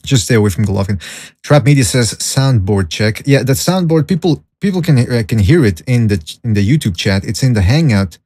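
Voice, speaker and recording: A man's voice: mid-range voice, expressive, a little fast, mellow, husky, no room sound, studio quality. A man hosting a boxing podcast alone. He rambles, gives strong opinions, jokes and reads out the live chat. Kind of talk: solo livestream podcast chat.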